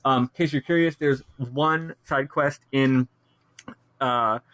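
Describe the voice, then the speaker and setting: Male co-host, mid-pitched, animated game chat, dry close sound. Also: slow, no echo. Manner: animated, laughs at his own complaints. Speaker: podcast co-host. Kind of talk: casual game discussion.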